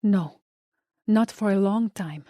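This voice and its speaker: A woman's voice: mid-range voice, slow pace, mellow, dry recording, studio quality, natural voice. A woman putting on a Colombian-accented glamorous woman. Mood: earnest.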